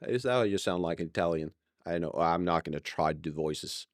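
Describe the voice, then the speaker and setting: Low male voice, casual live-stream chat, rambling, self-correcting, dry sound. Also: a little fast, hardly any pauses, no room sound.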